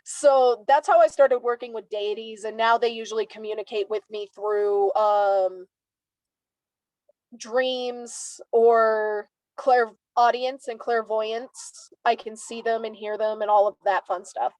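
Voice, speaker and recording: A young woman from Savannah, a guest in a casual conversation, animated as she tells stories and acts out what others said. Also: a little high, slow, dry recording, rough recording. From Savannah, Georgia, US. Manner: animated storyteller, acts out quoted speech.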